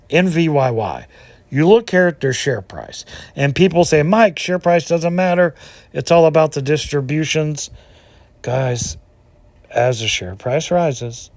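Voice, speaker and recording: A man talks through stock charts with lively ups and downs in his pitch. He sounds indignant and keeps asking rhetorical questions. The sound is dry and close. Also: no room sound. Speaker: finance channel host. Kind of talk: casual commentary over stock charts.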